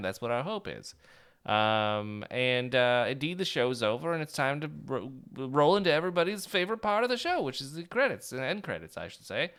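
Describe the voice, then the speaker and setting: A man co-hosting a podcast in a playful, jokey way, slipping into bits as he talks. His voice swings widely and has a clear, resonant tone. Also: a little high, sing-song, a little fast, a bit bright. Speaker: podcast co-host. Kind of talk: casual chat.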